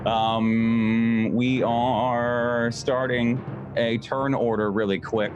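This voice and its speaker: A man's voice: medium pitch, flat delivery, very slow, dull audio. A man narrating as game master, laid-back and laughing, humming little sound effects between lines. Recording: music playing behind.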